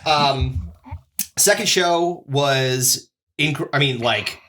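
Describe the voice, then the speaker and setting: A man's voice: medium pitch, slow pace. A male podcast co-host in loose, profane conversation. He tells stories with energy and keeps slipping into other people's voices as he goes. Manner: animated, swearing, acting out voices in stories. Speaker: podcast co-host and comedy show host. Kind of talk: casual podcast chat.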